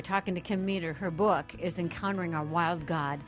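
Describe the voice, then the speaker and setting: A woman's voice: lowish voice, steady tone, fairly quick, soft background music. A woman hosting an interview, reading from a guest's book and leading the conversation. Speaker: host.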